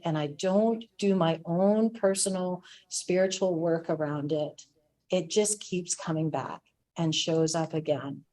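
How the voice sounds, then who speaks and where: A woman's voice: medium pitch, a little mellow. A woman, a spiritual director, giving a reflective spiritual talk and telling stories, laughing now and then.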